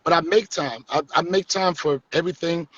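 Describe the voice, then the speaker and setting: A man's voice: a little high, fairly quick, fairly bright tone, breathy edge, highs cut off. A man hosting a live stream, joking and teasing his guests in casual, profane comedic chat.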